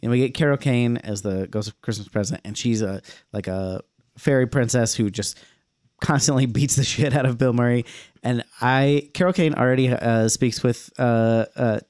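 A man's voice: mid-range voice, moderate pace, darkish tone, clear, resonant tone, dry recording, clean studio sound. A man co-hosting a podcast, talking casually about a movie and swearing offhandedly. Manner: laid-back, swears casually. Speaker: podcast co-host.

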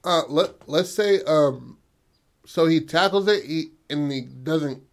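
A young man co-hosting, pitching movie plot ideas in casual, crude chat and often asking his partner for agreement. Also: slow pace, vocal fry. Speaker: co-host brainstorming a story.

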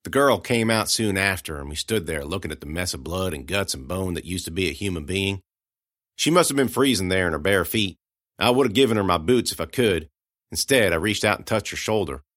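A man narrating a first-person audiobook in a folksy, conversational way, going hushed at grim moments. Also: low voice, animated, brisk, no room sound, clean studio sound.

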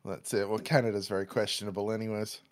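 A man's voice: lowish voice, little pitch movement, fast. A man with an Australian accent chatting casually, easygoing and self-aware. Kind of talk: casual chat.

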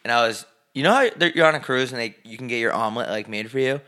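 A young man co-hosting a casual podcast, joking around, swearing and breaking into squeaky put-on voices. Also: fast talker, sharp tone. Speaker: podcast co-host.

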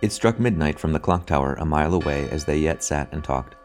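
Guy with a low voice reading an audiobook, steady and measured. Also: soft background music. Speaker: audiobook narrator. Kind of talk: scripted narration.

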